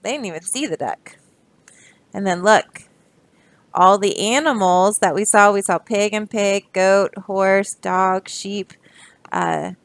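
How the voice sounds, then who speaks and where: A woman teacher reading a picture book aloud to children, expressive and adding little asides to her listeners. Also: medium pitch, dry recording.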